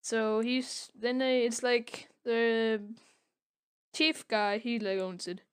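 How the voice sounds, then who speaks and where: A woman's voice: fairly high pitch, slow pace, smooth. A young woman recapping a comic on a casual podcast, rambling with lots of filler words. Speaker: podcast co-host.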